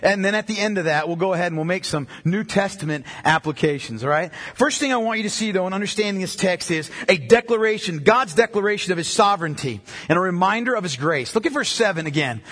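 A man preaching a sermon as pastor, emphatic, slowing down to read scripture passages aloud in a church. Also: high-pitched, lively intonation, fairly bright tone. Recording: long hall reverb.

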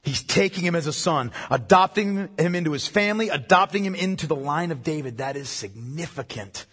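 A male pastor preaching a sermon, emphatic, repeating key phrases and dropping low for weight. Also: animated, brisk, a bit bright, slightly rough. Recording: long reverb of a large hall.

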